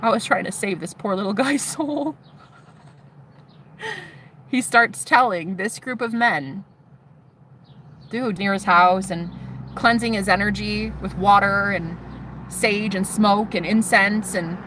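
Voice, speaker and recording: A woman's voice: mid-range voice, slow, pauses often, pushed and bright, a little hiss or hum. A woman vlogger telling a story, sassy and profane, acting out the voices of other people. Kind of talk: animated storytelling monologue.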